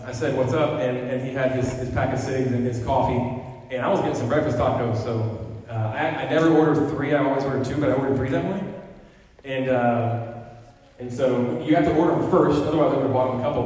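A man's voice: medium pitch, a little mellow. A man preaching a sermon as pastor, building to emphatic, impassioned peaks and dropping into casual asides with fillers. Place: church sanctuary. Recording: echoey hall recorded from far off.

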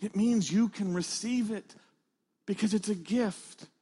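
A male pastor delivers a sermon in an earnest, emphatic way. His voice sits fairly high and he takes his time, stressing phrase after phrase. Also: measured pace, mellow, breathy edge.

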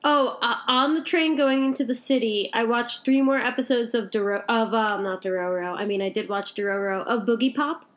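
High-voiced gushing young woman. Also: fairly quick, few pauses. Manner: gushing, heavy use of "like". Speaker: podcast co-host. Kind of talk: casual anime chat.

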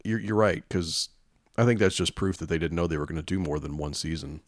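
A man's voice: low voice, fairly quick, dry recording. A man co-hosting a podcast in casual chat, laid-back with dry short replies. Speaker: podcast co-host.

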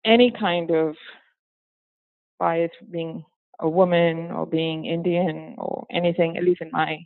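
Unhurried and gravelly, her voice sits fairly low and comes over a dry, tinny phone-like line with no echo. She's a Singaporean former teacher with a hybrid accent hinting at British, chatting animatedly in a casual interview. She laughs a lot and breaks into acted-out quotes.

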